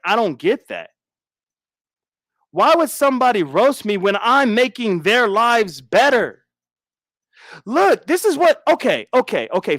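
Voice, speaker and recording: A man with a high voice rants sarcastically on his stream, swinging his pitch all over. He talks animatedly and repeats his points. The sound is dry and close. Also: a bit bright, no echo. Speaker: YouTube streamer. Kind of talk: sarcastic ranting stream commentary.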